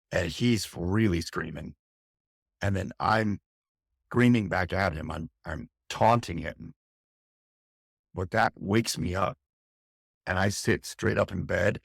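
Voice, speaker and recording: A man's voice: low voice, creaky, no room sound, studio quality. A middle-aged man, a fire captain, recounting a harrowing experience intensely and candidly in an interview, often restarting his phrases. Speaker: fire captain, podcast guest.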